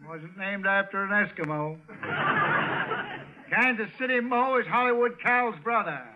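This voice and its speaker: A man's voice: high-pitched, measured pace. Drawling wisecracking man on old radio. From United States. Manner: drawling, with muttered wisecracks and asides. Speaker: comedian guest. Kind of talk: old-time radio comedy banter. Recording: dull hissy vintage radio broadcast.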